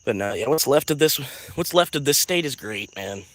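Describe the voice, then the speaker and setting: A man's voice: medium pitch, expressive, normal speed, poor audio. A man chatting casually on a livestream, rambling, swearing and laughing often, outdoors at night.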